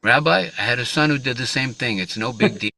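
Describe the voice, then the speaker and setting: A man voicing God in a joke, greeting an arrived rabbi with loud, high-pitched jubilation. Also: animated, fairly quick, gravelly, exaggerated voice, rough recording. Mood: amused. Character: God welcoming a rabbi, kindly, elated, booming.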